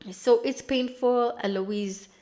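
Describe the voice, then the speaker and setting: A woman chatting casually as she recaps a TV episode, retelling scenes with quick dramatized asides. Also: on the high side, dark tone. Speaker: TV recap vlogger.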